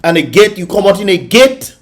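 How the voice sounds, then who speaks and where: A man's voice: sits high, big pitch swings, fairly quick. Male vlog host, raised voice, scolding reaction commentary. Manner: scolding, mocking and laughing often.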